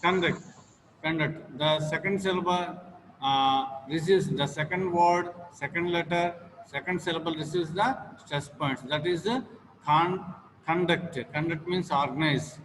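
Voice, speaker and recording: A man with an Indian English accent teaching a class on word stress, slow and repetitive, with many fillers. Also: fairly high pitch, fairly even intonation, fairly bright tone, a little hiss or hum. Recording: long hall reverb, faint ambience.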